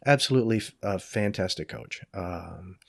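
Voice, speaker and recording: A man's voice: deep voice, moderate pace, vocal fry, breathy edge, no room sound, clean studio sound. A middle-aged man chatting as a podcast guest, rambling with many fillers and jokey asides. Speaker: podcast guest, jiu-jitsu black belt. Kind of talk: casual interview chat.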